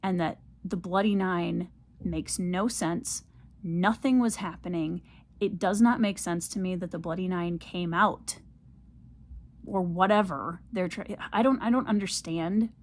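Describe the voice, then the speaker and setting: A woman's voice: fairly low pitch, slight background noise. A young woman talking casually to camera in a reading vlog, ranting in frustration and repeating herself. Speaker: book vlogger.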